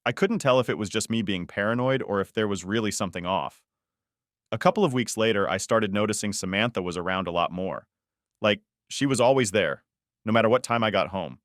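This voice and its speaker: A man narrates a scripted first-person drama story in a casual, conversational tone. His voice sits low. The recording is dry and close, with no room sound. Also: fairly quick, no room sound.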